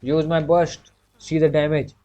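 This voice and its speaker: Mellow-voiced man narrating his gameplay. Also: on the high side, little pitch movement, measured pace, lo-fi sound. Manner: talks himself through moves, repeats short commands, keeps saying "you can say". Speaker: gaming streamer. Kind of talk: casual gameplay commentary.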